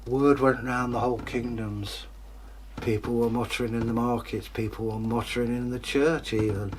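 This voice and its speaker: A male storyteller telling a fairytale aloud, lively and theatrical, dropping in chatty asides to the listener. His voice sits in a middle pitch. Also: normal speed, a little hiss or hum. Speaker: storyteller and channel host.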